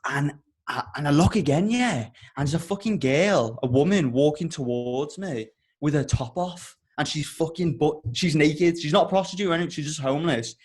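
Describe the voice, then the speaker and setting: A young man hosting a podcast and telling a rambling story in an animated, casual way, swearing often. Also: on the high side, normal speed, breathy edge. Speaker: podcast host.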